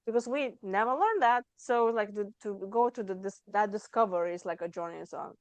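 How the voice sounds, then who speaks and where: A woman hosting a podcast interview, talking in a reflective, casual way with halting restarts. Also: mid-range voice, dry recording. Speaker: podcast host.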